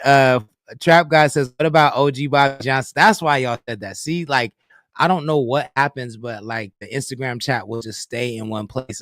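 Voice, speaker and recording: A man's voice: medium pitch, fairly bright tone, dry recording, studio quality. Laid-back man hosting a livestream. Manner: loose, joking, laughs often. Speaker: podcast host reading live chat. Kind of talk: casual livestream chat.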